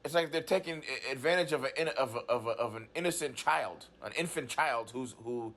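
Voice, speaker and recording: A man telling his troubles in a therapy session, halting and repeating himself as he restarts his sentences. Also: mid-range voice, a bit bright. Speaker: client in a talk therapy session. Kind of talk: agitated personal account.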